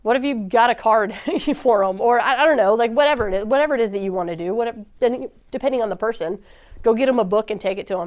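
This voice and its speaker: A woman giving a casual sermon-style talk in a church, chatty and quick to laugh, acting out the people in her stories. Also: a little high, a little mellow. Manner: chatty, laughs often, acts out quoted dialogue. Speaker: church speaker.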